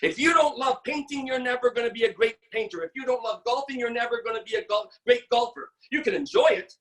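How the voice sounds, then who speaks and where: A woman in her sixties giving a blunt, energetic motivational sales training talk on a video call. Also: a little high, fast talker, distant mic.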